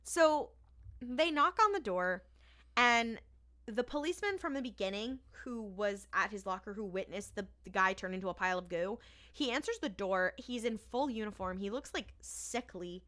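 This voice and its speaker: Bright-voiced woman recapping a show. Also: medium pitch, normal speed. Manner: animated retelling with quoted lines. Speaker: podcast co-host. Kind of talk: casual recap chat.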